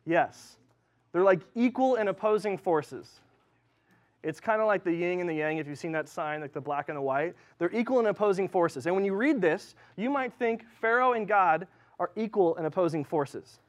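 A man's voice: high voice, animated, normal speed. A male pastor giving a casual, conversational sermon, full of ums and likes. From Southern California. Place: church.

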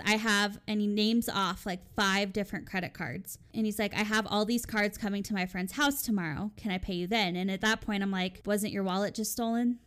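Woman telling an animated work story. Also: mid-range voice. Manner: animated storytelling, acting out quoted exchanges. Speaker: storyteller guest recounting hotel night shift. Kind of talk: casual chat.

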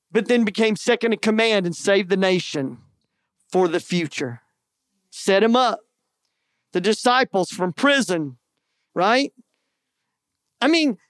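A man's voice: extremely high pitch, a bit bright, no room sound, studio quality. A man preaching a sermon in a folksy, conversational way, often tossing in "man" and "right?". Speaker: pastor.

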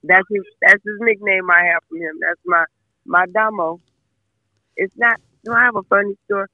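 A woman's voice: mid-range voice, moderate pace, no room sound, phone-quality sound. A woman talking casually as an interview guest about her son, emphatic and fond of repeating herself. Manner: chatty, emphatic, repeats phrases. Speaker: guest, mother of a football player.

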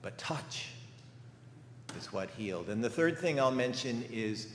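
A man's voice: lowish voice, lively intonation, normal speed, slight background noise. Older man preaching in an echoey church. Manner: storytelling, conversational with rhetorical questions. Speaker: guest preacher. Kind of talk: sermon. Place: church sanctuary. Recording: echoey church hall with faint ambience.

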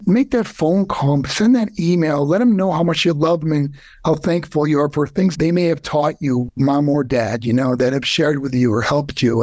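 An older man, a guest on a podcast, earnestly shares a heartfelt personal story, and his voice rises high when emotion takes over. His tone is darkish and the recording is dry.

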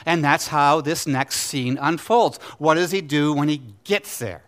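A middle-aged pastor preaching in a voice that sits a little high for a man. He is animated and conversational, leaping up in pitch when he voices the people in the story, then dropping low and quiet to make a point. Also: unhurried. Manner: animated, acts out scripture characters in paraphrase. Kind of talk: sermon.

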